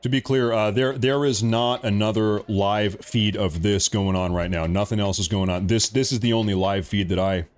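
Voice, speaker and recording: A man's voice: lowish voice, steady tone, moderate pace, hardly any pauses. An American man hosting a live stream, ranting emphatically and repeating himself. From United States. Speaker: livestream host. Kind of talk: heated live-stream commentary.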